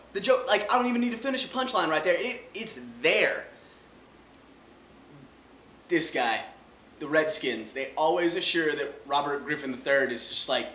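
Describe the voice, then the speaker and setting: A man hosting a comedy show, riffing loudly on sports with mocking asides. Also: on the high side, normal speed, long pauses, reverberant. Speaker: host.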